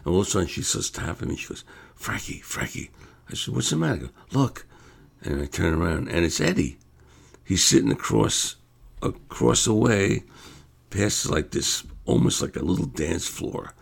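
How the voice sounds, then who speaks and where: An older man with a New York accent telling stories about his comedy career in a casual, animated way, acting out the voices of people he quotes and laughing along. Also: low-pitched, moderate pace, gravelly, husky. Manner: animated storyteller, acts out quotes, laughs often. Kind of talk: casual storytelling monologue.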